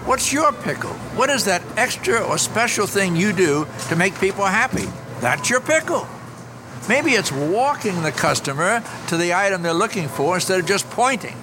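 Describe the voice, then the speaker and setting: An older man with a high, bright voice gives a storytelling talk about customer service. He swoops all over his range as he acts out each exchange, and faint music runs underneath. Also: normal speed. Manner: animated storyteller, acts out dialogue with shifting voices.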